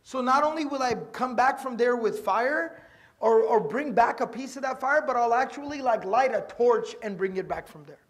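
A man with a strikingly high voice delivers a religious lecture, working through scripture verse by verse. He is earnest and repeats his key points, and he drops in Arabic terms before explaining them. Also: lively intonation, moderate pace, fairly bright tone. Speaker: Quran teacher.

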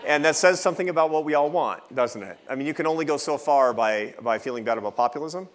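In a large event hall with an audience, a think-tank president in his fifties gives a festival keynote, telling a personal story with wry asides. His voice is a little high and expressive, and he speaks at a quick pace.

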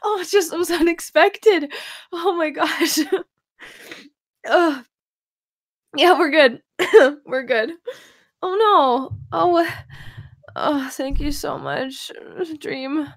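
A woman's voice: sits high, slow pace. A young woman on a casual stream, giggly and emotional, gushing thanks to viewers. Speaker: guest streamer.

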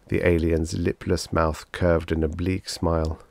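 A man narrating a science fiction short story in a measured, steady reading. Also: sits low, gravelly, no echo. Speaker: audiobook narrator.

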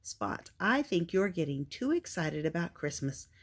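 A woman voicing a patient mother dog in a storybook, gentle and motherly. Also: lowish voice, sing-song, unhurried, husky, heavily acted.

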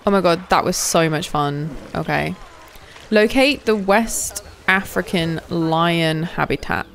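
A woman's voice: fairly low pitch, slow pace, gravelly, a bit bright. A young woman giving casual gameplay commentary, gushing and cooing over the animals. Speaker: gaming video host.

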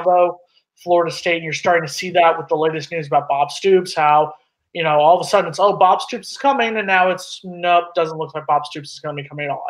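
A man's voice: a little high, a bit bright, rough recording. A man hosting a casual sports talk show, bossy and teasing as he banters with his co-host.

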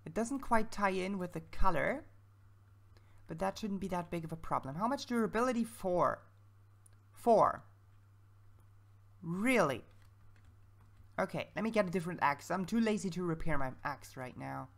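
Female let's-play creator, low gravelly voice, casual chatty commentary. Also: animated, normal speed, pauses often. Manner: thinks aloud, chatty and self-mocking.

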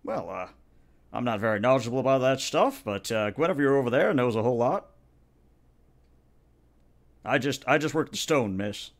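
A man's voice: mid-range voice, expressive, moderate pace, gravelly, pauses often. A man voicing a working-class male stone carver in a tabletop game, plainspoken and hesitant. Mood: gruff. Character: gruff working-class male marble worker.

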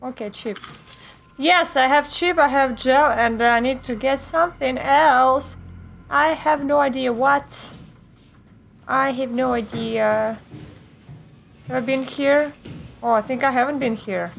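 A woman's voice: high voice, creaky, a bit bright, a little hiss or hum. A woman giving let's play commentary, talking to herself in a jumpy way and swearing at the game. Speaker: gameplay streamer.

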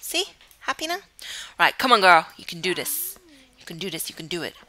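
This young gameplay YouTuber, Cornish-accented and from Cornwall, England, talks briskly over her let's-play in a fairly low, bright, forceful voice with big pitch swings, recorded dry. She coaxes her character along and now and then whispers.

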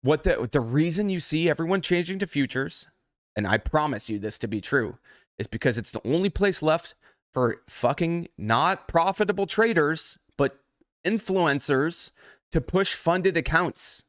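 A man's voice: a little high, animated, a little slow, fairly bright tone, dry recording, studio quality. Angry, foul-mouthed man ranting. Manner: angry, heavily profane. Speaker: trading mentor. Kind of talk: livestream rant.

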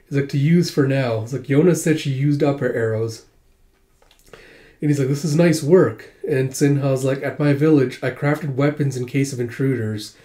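A man's voice: mid-range voice, mellow. A man casually reading through a manga volume, retelling the dialogue with frequent laughs and filler. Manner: chatty, laughs often, reads dialogue with "he's like". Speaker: manga reader.

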